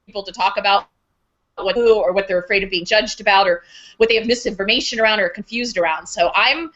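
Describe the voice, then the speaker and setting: A woman's voice: mid-range voice, fast, a bit bright, dull audio. A woman sex therapist chatting frankly as a guest, laughing often. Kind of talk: casual chat.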